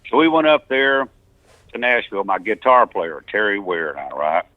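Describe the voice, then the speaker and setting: This older Texan musician has a lowish, expressive voice at a moderate pace, with no room sound on the tinny phone-line recording. He spins rambling tales in a relaxed interview, chuckling and starting over.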